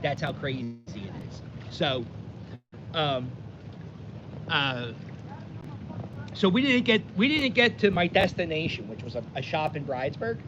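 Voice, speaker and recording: A man's voice: on the high side, a little slow, pauses often. A man, rambling self-deprecatingly through a vlog story outdoors. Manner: animated, self-deprecating, rambling with many restarts. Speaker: vlogger. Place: outdoors on a windy day. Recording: dull audio with wind noise.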